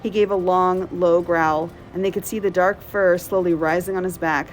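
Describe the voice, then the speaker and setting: A woman librarian reading a novel aloud in steady, clear narration. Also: fairly low pitch, moderate pace, faint music behind, low-quality recording.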